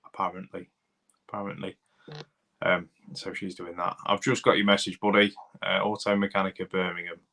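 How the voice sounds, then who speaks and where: Brief: Doncaster-accented male streamer, thirties, rambling and matey, slightly low voice with a bright edge. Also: level tone, normal speed, gravelly. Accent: Doncaster, South Yorkshire. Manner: rambling, chatty, addresses viewers as buddy and mate. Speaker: livestream host, car mechanic. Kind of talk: casual livestream chat reading comments.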